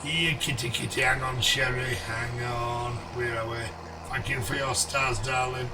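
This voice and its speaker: A man live-streaming a game, greeting viewers by name in a chummy way, his voice going a little hoarse. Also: mid-range voice, little pitch movement, a little slow, distant mic, noisy background.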